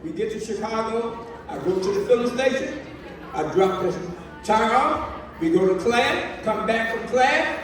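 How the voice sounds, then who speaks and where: Male reverend, animated storyteller, high voice, recorded from afar in a reverberant hall. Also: unhurried. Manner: lively storyteller acting out dialogue. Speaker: reverend telling a personal story. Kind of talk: storytelling speech at a celebration. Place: large hall. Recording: echoey hall from far off.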